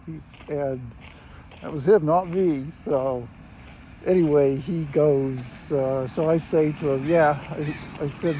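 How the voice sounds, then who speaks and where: A middle-aged man tells a rambling anecdote in a casual vlog, filling pauses and chuckling to himself. His voice sits high for a man yet sounds soft and mellow. A faint noise runs underneath. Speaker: vlogger. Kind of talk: casual storytelling monologue.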